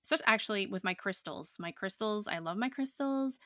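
A young adult woman chats on her podcast, blunt and profane, tossing in fillers as she goes. Her voice is bright and forceful at a middle pitch. The sound is close and dry. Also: lively intonation, a little fast, no echo. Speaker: podcast host. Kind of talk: casual chat.

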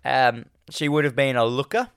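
A man's voice: medium pitch, normal speed, a bit bright, clean tone, no echo, studio quality. A man co-hosting a podcast, playfully recapping a film and acting out the characters' dialogue. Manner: playful, jokey, acts out characters' lines. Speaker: podcast co-host. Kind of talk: casual film recap chat.

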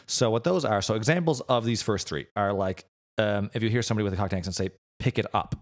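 A man with a fairly low voice co-hosts a relaxed podcast conversation. He explains things at length, restarting sentences and filling pauses as he goes. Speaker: podcast co-host. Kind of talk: casual chat.

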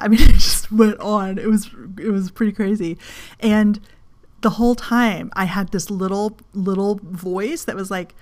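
Casting: middle-aged woman, candid self-help host, casual storytelling, mid pitch. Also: normal speed, darkish tone. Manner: frank, storytelling, swears casually, laughs at herself. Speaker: podcast host and coach.

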